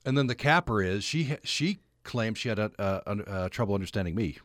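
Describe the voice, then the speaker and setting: Relaxed radio host with a Utah accent. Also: male voice, fairly low pitch, fairly quick, no room sound, studio quality. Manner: relaxed, conversational, with many fillers. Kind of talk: radio interview and announcements. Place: radio studio. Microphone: studio microphone.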